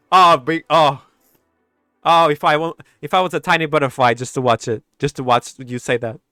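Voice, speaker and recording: A man streaming in a casual chat, animated and giggly, breaking into sound effects. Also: fairly high pitch, moderate pace, dry recording, clean studio sound, faint music behind.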